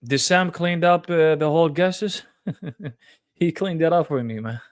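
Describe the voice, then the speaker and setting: A man's voice: fairly high pitch, measured pace, no echo, studio quality. A man hosting a live-streamed religious debate, talking in a confrontational, mocking way. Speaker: debate livestream host.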